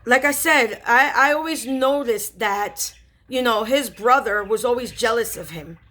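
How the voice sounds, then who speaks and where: A woman spiritual reader casually retelling a story in slangy, animated speech with lots of fillers. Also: a little high, a little slow.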